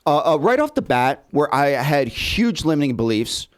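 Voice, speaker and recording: A man's voice: fairly high pitch, moderate pace. A man who hosts a podcast for actors, telling stories in casual chat, stammering and repeating words as he goes. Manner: animated storytelling, frequent repeated words.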